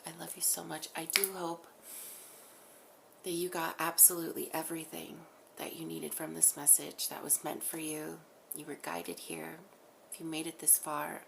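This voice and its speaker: Brief: woman channeler, loose and giggly, lowish gravelly voice, noisy room. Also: flat delivery, moderate pace. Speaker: spiritual channeler. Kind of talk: casual chat after a channeling.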